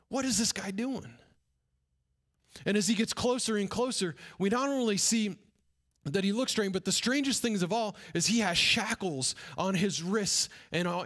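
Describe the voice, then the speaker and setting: A pastor, a man with a slightly raised pitch, retells a scene as if he lived it. He tells it with drama and drops to a hushed whisper at the tense moments. This is a storytelling sermon delivered from the pulpit.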